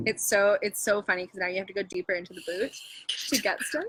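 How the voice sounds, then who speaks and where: A woman's voice: medium pitch, fairly bright tone, breathy edge, dry recording. A Canadian woman hosting a casual chat, joking around and laughing often. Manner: giggly, joking, quick to laugh. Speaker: livestream host.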